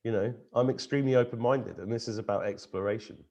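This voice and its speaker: A middle-aged man hosting a casual chat over a video call, easygoing and unhurried. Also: lowish voice, creaky, a little mellow. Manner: easygoing, unhurried, lots of "you know". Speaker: host.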